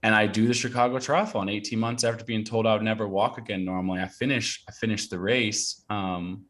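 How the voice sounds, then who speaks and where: Fairly quick and fairly low in pitch, a man in his thirties from Portland, Oregon, tells a personal story during a casual interview. His telling is earnest and animated, peppered with fillers and restarts.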